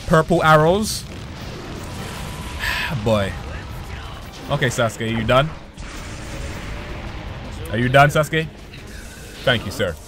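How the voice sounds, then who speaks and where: A young man commentating his own online match with excitable, profane trash talk. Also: a little high. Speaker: gaming channel host. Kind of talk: live gameplay commentary.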